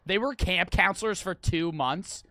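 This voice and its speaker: A young man streaming a video game, swearing and yelling at the screen in loose commentary. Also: high voice, measured pace, no room sound. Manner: loud, swearing, yells at the screen. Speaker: gaming streamer. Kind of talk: let's-play commentary.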